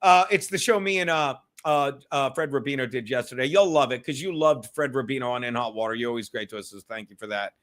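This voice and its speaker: A man's voice: medium pitch, quick pace, hardly any pauses, a bit bright. A male host chatting casually on a livestream, rambling and talking straight to his viewers in the chat. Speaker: podcast host reading live chat.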